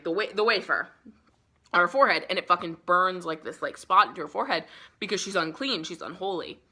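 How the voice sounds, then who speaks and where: A woman's voice: fairly low pitch, bright, forceful tone. A young woman vlogger giving a casual, profanity-laced book summary, rambling with lots of fillers. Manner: chatty, profane, filler-heavy storytelling.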